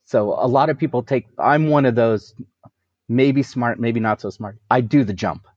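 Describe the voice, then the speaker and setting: Energetic male business coach, dry lo-fi sound. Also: mid-range voice, moderate pace, no echo. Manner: energetic advice, laughs at himself, rhetorical questions. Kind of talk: casual business interview.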